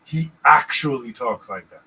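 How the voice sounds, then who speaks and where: A man's voice: mid-range voice, animated, unhurried, sharp tone, slight background noise, low-quality recording. A man co-hosting a casual podcast about scripture, rambling and checking in with "you know what I'm saying". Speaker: podcast host.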